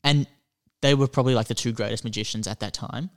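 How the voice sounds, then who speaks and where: A man's voice: mid-range voice, steady tone, fast. A man co-hosting a film podcast, talking emphatically and swearing freely in casual chat. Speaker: podcast co-host.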